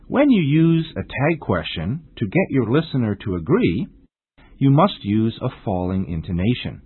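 Husky man teaching English. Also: lowish voice, huge pitch swings, dry recording. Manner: slow, deliberate example phrasing. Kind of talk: scripted radio language lesson. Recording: tinny phone-like broadcast audio.

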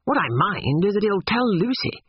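A blunt, sulky young son who grumbles through his words, as a male reader puts him on. The voice sits high and husky with a lively rise and fall. The sound is dry and slightly dull. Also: moderate pace, no room sound, exaggerated voice. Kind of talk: audiobook character reading.

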